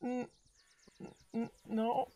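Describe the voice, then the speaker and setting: A man's voice: very high-pitched, completely flat delivery, extremely slow, warm tone, soft background music, voice pushed up, heavily acted. A man doing a flustered stammering young trader. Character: nervous stammering young male information seller.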